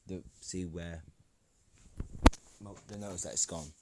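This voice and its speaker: A man's voice: low voice, fairly even intonation, normal speed, a little mellow, a little hiss or hum. A man casually improvising a fan story, rambling with many fillers and restarts, recorded on a phone.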